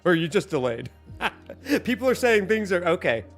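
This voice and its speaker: A man's voice: sits high, sing-song, a little fast, soft background music. A man hosting a casual livestream from home, joking, laughing often and chatting directly to his viewers. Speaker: livestream host.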